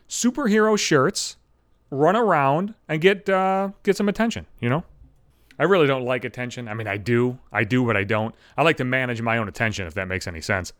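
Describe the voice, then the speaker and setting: A man's voice: mid-range voice, a bit bright, no echo, studio quality. Foul-mouthed ranting man in his thirties. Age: 30s. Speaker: podcast host. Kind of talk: profane solo podcast rant.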